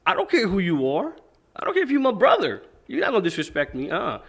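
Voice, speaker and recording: Profane, animated male storyteller. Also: sits high, fast talker, husky. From Pakistan. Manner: profane, animated, acts out quoted dialogue. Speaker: boxing coach, podcast guest. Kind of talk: candid storytelling interview.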